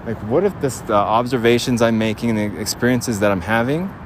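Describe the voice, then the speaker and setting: Expressive and fairly quick, a medium-pitched male podcast host rambles through an audio diary during a walk in a city park, frequently laughing. Faint outdoor street noise runs through the recording.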